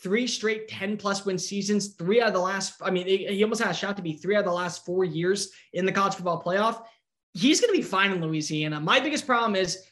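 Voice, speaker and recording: Animated man breaking down sports. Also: high-pitched. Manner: fast, animated, opinionated. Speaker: sports analyst. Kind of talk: casual sports talk.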